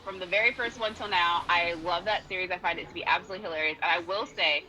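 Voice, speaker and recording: Enthusiastic, bright-voiced woman interviewer. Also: fairly low pitch, quick pace, poor audio. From United States. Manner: chatty and enthusiastic, uses "y'all". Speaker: interviewer host. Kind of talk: casual interview chat.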